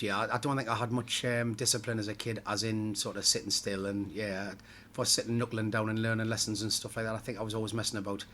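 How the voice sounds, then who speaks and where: A man's voice: lowish voice, flat delivery, quick pace, pushed and bright. A middle-aged man, a pantomime comic chatting jokily in an interview and laughing at his own stories. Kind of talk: casual interview chat.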